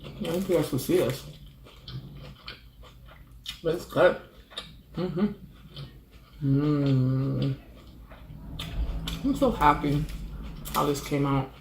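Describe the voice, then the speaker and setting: A woman talks casually to her viewers between bites, humming "mm" as she eats. Her voice carries a gravelly fry, and the room around her sounds echoey. A faint room hum sits underneath. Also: deep voice, slow, pauses often, a little mellow. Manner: chatty, savoring with frequent mm sounds between bites. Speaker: food vlogger. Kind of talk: casual mukbang eating vlog.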